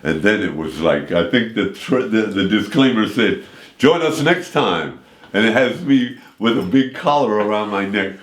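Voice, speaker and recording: A man's voice: fairly low pitch, moderate pace, few pauses, roomy sound. A man guest on a radio show, telling a long anecdote and voicing the people in it. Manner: lively anecdote with voiced quotes. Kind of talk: animated storytelling. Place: radio studio.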